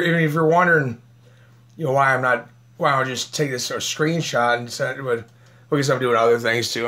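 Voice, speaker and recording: A man's voice: medium pitch, a bit bright. A man vlogging in a rambling, combative way, laughing often and talking while eating. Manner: aggrieved, combative. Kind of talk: rambling live video chat.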